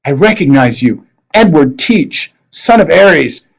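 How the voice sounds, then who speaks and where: A man lightly doing a sharp, determined teenage girl from a storybook. She speaks briskly and urgently, with a slightly raised pitch. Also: expressive, vocal fry, breathy edge, exaggerated voice, rough recording.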